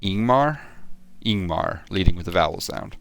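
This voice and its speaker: A man's voice: deep voice, expressive, moderate pace, gravelly, no room sound, soft background music. A man streaming a game, reading its text aloud and stopping to sound out the odd words, with casual swearing.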